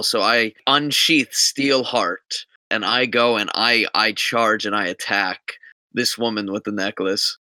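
A man's voice: on the low side, sharp tone, no echo. A man playing a tabletop game, talking earnestly and dramatically about his character's moves. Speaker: player.

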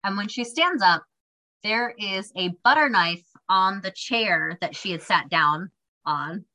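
A young woman with a bright, clear voice tells a family story to her sister. She talks in a relaxed, chatty way, with sarcastic asides and lively quoted voices. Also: medium pitch, unhurried, lo-fi sound. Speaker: podcast co-host. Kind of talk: casual chat.

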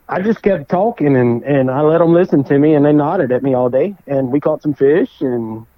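An easygoing man with a South Louisiana accent talks about guiding fishing trips. His voice sits a little high and comes through dry and slightly dull, and he tells his stories with a joking ease. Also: normal speed, no room sound. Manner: easygoing, jokey storyteller. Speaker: fishing guide. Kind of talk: casual chat.

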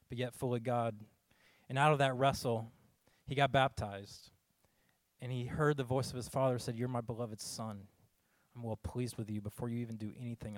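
A man's voice: mid-range voice, dry recording. A man preaching a sermon in an earnest, conversational way, often restarting his phrases. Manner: conversational, earnest, self-interrupting. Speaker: pastor.

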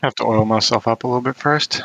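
A man's voice: medium pitch, steady tone, quick pace, vocal fry, bright, forceful tone, no echo, low-quality recording. A man appearing as a guest on a gaming podcast, chatting casually with dry jokes.

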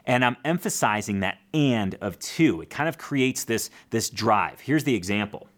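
Lively-voiced male guitar teacher. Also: fairly low pitch, normal speed. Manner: explains plainly, counts strum patterns aloud, self-deprecating asides. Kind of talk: casual video guitar lesson.

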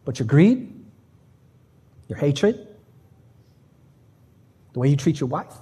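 A man with a high-pitched voice preaches in a church, moving between easy joking and earnest, passionate appeals. His voice carries a long reverb tail from the big hall. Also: very animated, slow, dark tone. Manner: passionate, conversational preaching with humor. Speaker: pastor. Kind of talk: sermon. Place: church sanctuary.

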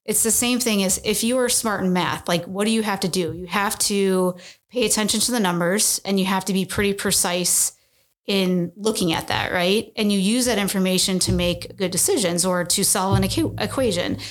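An earnest woman in her thirties talks as a guest on a casual podcast. She explains her points patiently and often checks in with a quick "right?". Her voice sits at a middle pitch. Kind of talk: casual interview.

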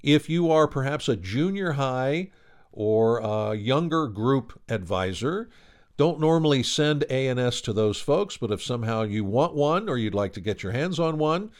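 A male podcast host speaks casually. His voice is of middling pitch, and he moves easily from an announcement to an open question for his guest. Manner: casual, conversational. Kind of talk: podcast hosting and interviewing.

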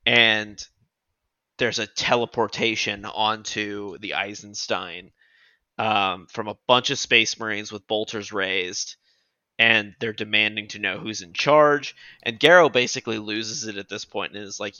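A man co-hosts a podcast, recapping a novel in a loose, animated way and swearing freely. His voice sits low with a sharp, bright edge. The recording is dry and dull, like a lo-fi home mic. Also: unhurried, smooth, no room sound. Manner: animated retelling, acts out quotes, swears. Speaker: podcast co-host. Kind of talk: casual chat recapping a novel.

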